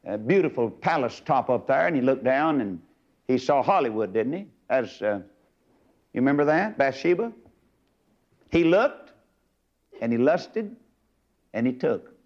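An older man preaching a fiery, emphatic sermon, swinging from loud high bursts down to low murmurs. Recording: dull lo-fi sermon tape.

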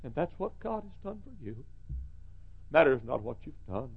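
A man preaching a sermon in a church, swinging from hushed lines to shouting. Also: a little high, sing-song, normal speed, gravelly, long pauses, breathy edge, narrow, tinny audio.

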